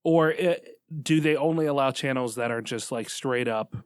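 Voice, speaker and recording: A man's voice: medium pitch, normal speed, few pauses, clean tone, dry recording, clean studio sound. A man co-hosting a podcast, chatting casually, laughing often and playfully blunt. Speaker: podcast co-host. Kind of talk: casual banter.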